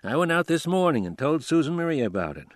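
A man's voice: a little high, sing-song, quick pace, no echo, studio quality, pitched above the performer's own voice. A man voicing a weary, plainspoken small-town sheriff in an audiobook. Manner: plainspoken, listing his reasons.

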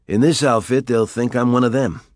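A man's voice: mid-range voice, fairly quick, dry recording, voice pushed up, lightly acted. Brief: wry, unflappable hero, read by a male narrator, slightly raised, dry close sound. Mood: defiant. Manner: calm, dry, cutting.

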